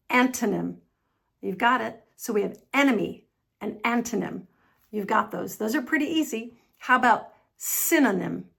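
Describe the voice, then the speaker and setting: Woman, American accent, pronunciation tutor, patient, slow demonstrations, slightly high voice, gravelly. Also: animated. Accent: General American. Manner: patient, upbeat, demonstrates sounds slowly and repeatedly. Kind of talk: online pronunciation lesson.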